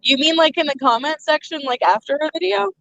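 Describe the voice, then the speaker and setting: A woman hosting a live stream in casual chat, chatty and quick to laugh at herself. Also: sits high, animated, vocal fry, a bit bright, dry recording. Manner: chatty, laughs often, self-deprecating. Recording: muffled lo-fi sound.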